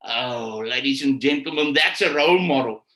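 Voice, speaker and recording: A man giving a motivational talk to teachers, repeating his key phrases and slowing down to stress them. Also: mid-range voice, sharp tone. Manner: preachy, repeats key phrases, slows down for emphasis. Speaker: conference speaker. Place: live stream session.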